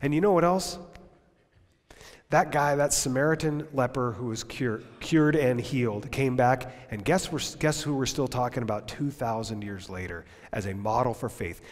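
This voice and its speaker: Male pastor, passionate sermon delivery that drops to hushed whispers, mid-pitched voice, long hall reverb. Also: normal speed. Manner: impassioned, swings from loud to near-whispers. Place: church service.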